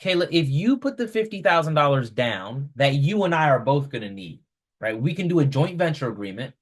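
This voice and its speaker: A man voicing an eager young woman investor making a persuasive pitch to a friend. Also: very animated, fairly quick, husky. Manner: persuasive, upbeat.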